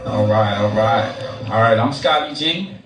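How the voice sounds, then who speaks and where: A man's voice: on the low side, animated, measured pace, music in the background. Rambling, profane young man telling stories. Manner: rambling and profane, with many fillers and restarts. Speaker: storyteller at a live show. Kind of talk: casual spoken storytelling. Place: live venue, on stage. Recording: echoey room, mic far off, faint noise.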